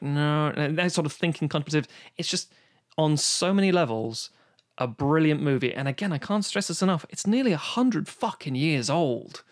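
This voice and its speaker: A man's voice: a little high, fairly bright tone. A man co-hosting a podcast, chatting casually and enthusiastically about an old film, swearing freely and rambling with restarts. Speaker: podcast co-host. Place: home, recorded remotely during lockdown.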